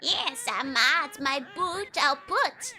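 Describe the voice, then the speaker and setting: A woman voicing a gloating old witch, reading rhyming lines in a slow, loud sing-song. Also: high voice, sing-song, soft background music, heavily acted.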